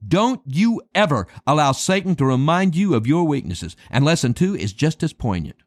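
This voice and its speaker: Animated preacher man, dry close sound. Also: no room sound. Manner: emphatic preaching with dramatic pitch swings and slow stressed words; addresses listeners as beloved and friends. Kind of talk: sermon.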